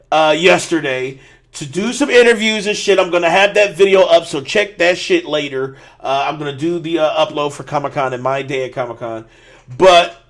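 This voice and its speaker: High-voiced man on a profane rant. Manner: profane, ranting. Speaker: podcast host. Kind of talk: casual chat.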